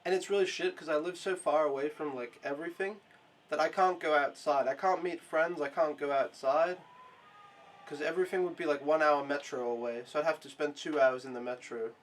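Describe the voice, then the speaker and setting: A man's voice: a little high, fairly even intonation, a little fast, slight background noise. A young man recapping his week in a casual vlog, rambling and frustrated, swearing often and filling gaps with "like". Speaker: au pair vlogger.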